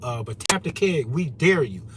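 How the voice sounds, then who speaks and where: A man's voice: mid-range voice, expressive, moderate pace, noisy background. A man hosting a livestream, ranting bluntly and profanely while reading out and answering his chat. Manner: profane, blunt, repetitive, addresses chat directly. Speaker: livestream host. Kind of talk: unscripted livestream rant.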